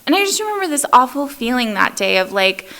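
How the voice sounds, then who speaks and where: A woman's voice: sits high, big pitch swings, brisk, sharp tone. A young woman speaking at a recovery meeting, telling her personal story casually with many "um"s and "like"s.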